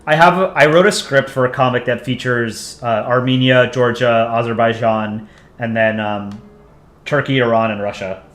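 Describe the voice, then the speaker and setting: A man's voice: medium pitch, steady tone, moderate pace, fairly bright tone, roomy sound. A young American man hosting a casual livestream, rambling as he reads out viewer comments. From United States. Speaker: channel host on a livestream.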